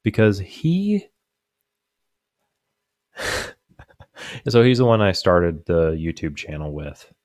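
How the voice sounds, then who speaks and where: With big pitch swings, drawn-out words and frequent pauses, a young podcast co-host speaks in a deep voice. He tells rambling stories in casual chat, using many fillers and restarts and laughing at his own punchlines. Studio quality, no echo.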